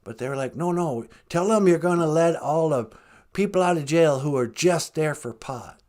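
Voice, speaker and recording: A man's voice: a little high, lively intonation, moderate pace, darkish tone, pitched above the performer's own voice, lightly acted. A man putting on the voice of a confused elderly male president who mumbles, trails off and gets sidetracked. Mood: rambling.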